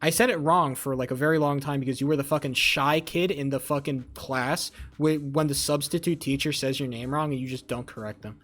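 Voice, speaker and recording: A man's voice: mid-range voice, steady tone, brisk, few pauses, a bit bright. A young man chatting casually with his live-stream viewers, rambling, swearing and joking as he reads chat. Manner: rambling, profane, jokey, talks to chat.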